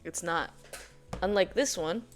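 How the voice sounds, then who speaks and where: A woman's voice: fairly low pitch, a little slow, soft background music. Rambling, laughing woman host. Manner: rambling, with many fillers and frequent laughter. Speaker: video host. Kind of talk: casual explainer chat.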